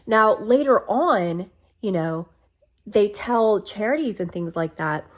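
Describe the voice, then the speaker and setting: A woman's voice: medium pitch, animated, slow pace. A woman with a Southern accent giving casual, emphatic gossip commentary as a vlogger. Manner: emphatic, chatty and indignant.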